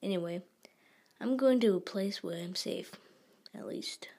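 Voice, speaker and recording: A woman voicing a scared, defiant boy in hiding, in a whispery, gravelly voice. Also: medium pitch, unhurried, warm tone. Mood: hurt. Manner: anxious, defiant. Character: frightened Jewish boy in hiding.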